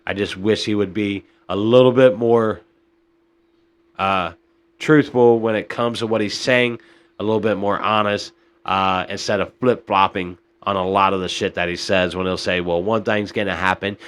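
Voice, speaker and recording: Low-voiced man venting about boxing. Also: fairly even intonation, normal speed. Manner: rambling, frustrated, peppered with "man" and "uh". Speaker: podcast host. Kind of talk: casual boxing commentary.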